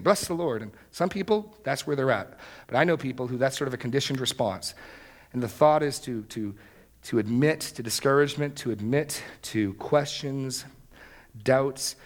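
Man preaching an earnest sermon. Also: medium pitch. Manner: earnest preaching that swells to loud, emphatic exclamations. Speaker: pastor.

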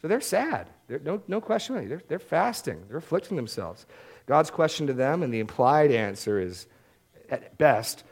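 A man's voice: a little high, very animated, moderate pace, gravelly, husky. A man preaching a Bible-teaching sermon in a conversational way, often repeating words as he restarts a thought.

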